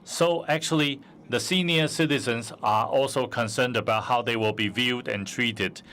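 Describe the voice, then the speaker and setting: A man's voice: medium pitch, moderate pace, fairly bright tone. A man telling a personal anecdote on a conference stage, hesitant with many fillers, into a stage microphone. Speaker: forum speaker.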